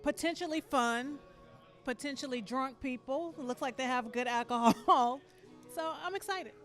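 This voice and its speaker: A woman's voice: sits high, moderate pace, fairly bright tone, soft background music. A woman comedian from Virginia with a Southern accent, laid-back and giggly, guesting in a bar.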